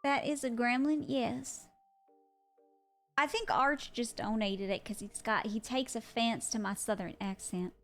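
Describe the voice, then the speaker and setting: A young woman streaming live and chatting casually, excitable and quick to swear. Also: on the high side. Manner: excitable, swears freely, loud outbursts. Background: faint music.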